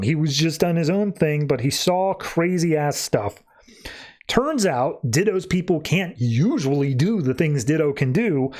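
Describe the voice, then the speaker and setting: Man casually recapping a comic. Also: a little high. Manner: loose, slangy retelling with animated asides. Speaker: podcast host.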